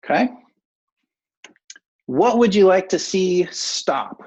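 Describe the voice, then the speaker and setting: A man's voice: high-pitched, animated, slow, darkish tone. A man coaching an online workshop in a casual, upbeat way, with many filler words, over a video call. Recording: muffled lo-fi video call audio.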